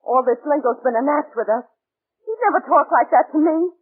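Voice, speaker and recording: An actress playing a shrewd young woman who poses as a fortune-teller's assistant, speaking halting formal English, in 1940s radio acting. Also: high voice, close to an everyday voice. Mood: scornful. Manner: halting formal broken English, then blunt and scornful. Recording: tinny 1940s radio broadcast.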